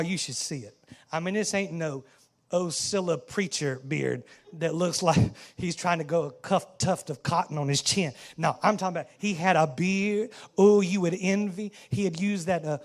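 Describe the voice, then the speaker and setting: A man with a Southern US accent preaching a dramatic first-person sermon monologue in church, swinging between hushed asides and shouting. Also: sits high. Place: church sanctuary.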